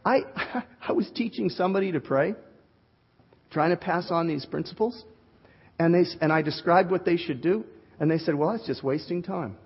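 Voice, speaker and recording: A male pastor preaching an animated sermon, joking with his congregation. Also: on the high side, normal speed, husky. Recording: dull recording in a reverberant hall.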